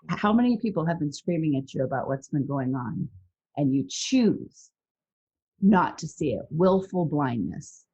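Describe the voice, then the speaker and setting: A woman hosting a podcast in casual chat, earnest and animated, sometimes acting out what other people say. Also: deep voice, moderate pace, slightly rough. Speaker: podcast host. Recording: dull lo-fi sound.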